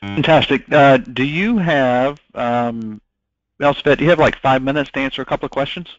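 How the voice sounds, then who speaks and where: A man's voice: medium pitch, normal speed, no room sound. A man moderating a live webinar question session, courteously reading audience questions to the presenter. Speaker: webinar host. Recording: dull, dry, lo-fi webinar audio.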